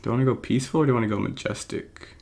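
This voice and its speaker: Racing along in a gravelly, husky, slightly mellow medium-pitched voice, a man rambles casually while playing a competitive game. Full of ums and laughing at himself, he is a draft league coach and video creator who was born in England and raised American.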